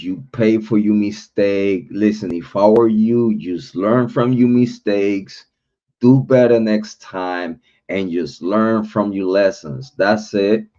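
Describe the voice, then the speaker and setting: Slow-talking, profane livestream host. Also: male voice, lowish voice, darkish tone. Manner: blunt, profane call-out talk. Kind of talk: livestream rant. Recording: dull lo-fi livestream audio.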